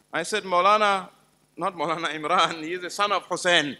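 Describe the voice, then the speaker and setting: A man's voice: sits high, steady tone, fairly quick, sharp tone. A man giving an emphatic religious lecture to a live gathering, telling stories and putting rhetorical questions to the audience. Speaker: Islamic lecturer.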